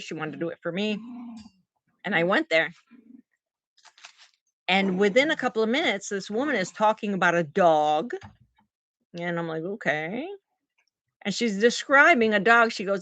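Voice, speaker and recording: A middle-aged woman vlogging, telling a personal story in an emotional, animated way to camera. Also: fairly low pitch, a little slow, long pauses, no echo. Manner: emotional, animated, talks to her dogs mid-story.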